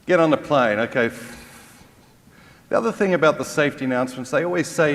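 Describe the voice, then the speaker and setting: With a fairly high voice, an Australian man speaks fast but leaves long pauses as he gives a crowd a comic, motivational Catholic talk. It is full of mocking and rhetorical questions, and the recording carries a long hall reverb.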